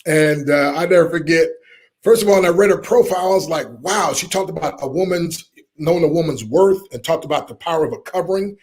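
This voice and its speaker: A middle-aged man, a motivational speaker telling a lively story in an interview and acting out the people in it. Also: on the high side, brisk, husky. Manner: animated storyteller, acts out quoted voices, laughs often.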